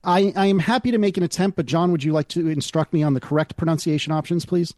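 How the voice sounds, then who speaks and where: A man co-hosting a podcast, chatting casually and reading listener mail in a quick, self-deprecating way. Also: a little high, darkish tone, no room sound, clean studio sound. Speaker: podcast co-host.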